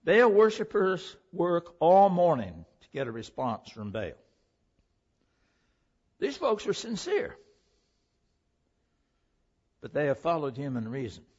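Animated preacher man, lo-fi sound. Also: a little high, slow, long pauses, slightly rough. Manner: animated preaching, reads scripture aloud. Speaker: pastor. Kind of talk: sermon.

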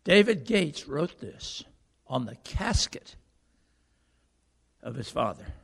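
A male pastor giving a sermon, moving from a lively recited poem into earnest preaching in a church auditorium. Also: medium pitch, slow, creaky, breathy edge. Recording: long reverb of a large hall.

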